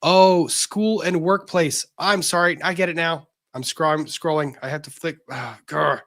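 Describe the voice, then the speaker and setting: A man's voice: a little high, steady tone, a little slow, a bit bright. Chatty man reading viewer messages. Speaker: livestream host reading super chats. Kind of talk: casual livestream chat.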